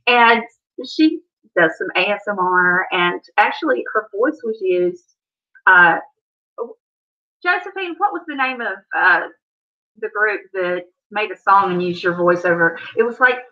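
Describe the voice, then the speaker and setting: A woman with a Southern accent hosting a casual livestream, chatty and rambling, talking to viewers by name. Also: mid-range voice. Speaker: livestream host. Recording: dull lo-fi stream audio.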